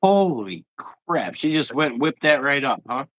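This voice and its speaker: A man's voice: medium pitch, sing-song, moderate pace, fairly bright tone. A man hosting a casual interview, cheering on his guests and reading out viewer questions with enthusiasm. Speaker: host, interviewer.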